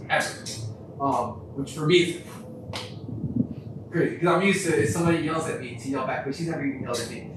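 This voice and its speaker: Blunt, profane man in his thirties. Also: fairly high pitch. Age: 30s. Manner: blunt, profane, animated storytelling. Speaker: podcast co-host. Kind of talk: candid casual conversation. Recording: echoey room, mic at a distance, noisy.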